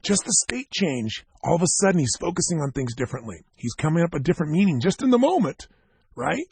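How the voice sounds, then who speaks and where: A man giving a motivational seminar talk, telling a story to a live audience in an animated way and acting out the dialogue. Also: fairly high pitch, quick pace, vocal fry, breathy edge, no echo. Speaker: motivational speaker.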